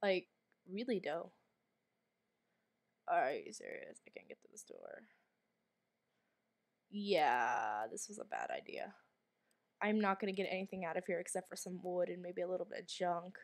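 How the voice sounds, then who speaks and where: A woman's voice: fairly low pitch, big pitch swings, moderate pace, long pauses. A woman giving let's play commentary while sick and coughing, jumpy and anxious, swearing often and dropping to whispers in tense moments. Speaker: gamer streamer.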